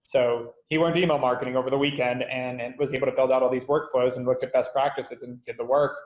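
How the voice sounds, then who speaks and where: A man, a company founder, being interviewed and telling stories in a lively way, acting out quoted dialogue. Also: medium pitch, echoey room. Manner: fast, animated, acts out quoted dialogue. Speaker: guest, company founder and CEO. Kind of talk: conversational interview storytelling.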